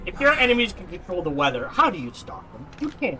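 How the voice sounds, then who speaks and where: A man's voice: high-pitched, sing-song, fast talker, music in the background, poor audio. A man in his forties giving casual, rambling gameplay commentary, often restarting and correcting himself. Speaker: let's play host.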